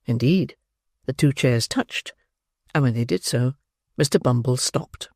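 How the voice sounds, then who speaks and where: An audiobook narrator reading a classic novel in a measured, expressive storytelling manner. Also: medium pitch, dry recording. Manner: measured, expressive storytelling with dry wry emphasis.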